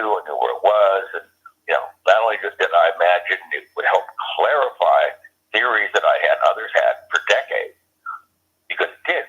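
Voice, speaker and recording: Deep husky man on a phone line. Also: fairly bright tone. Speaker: guest on a call. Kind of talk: casual chat.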